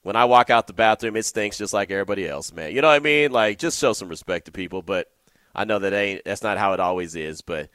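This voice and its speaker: A man's voice: fairly low pitch, fast, fairly bright tone, dry recording. A man hosting a sports radio show, telling stories in a loose, chatty, slangy way. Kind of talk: casual radio chat.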